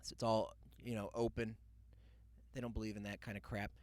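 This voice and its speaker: This podcast host, a young man, rambles through a comic tale full of side remarks and mock quotations. He speaks briskly in a lowish, flat voice, and the recording is dry.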